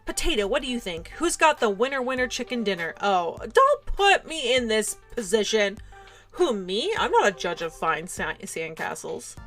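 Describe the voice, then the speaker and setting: A woman's voice: fairly high pitch, sing-song, normal speed, fairly bright tone, soft background music. A young adult woman streaming a game, chatting casually with viewers in a giggly, self-deprecating way. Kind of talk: casual livestream chat while playing a game.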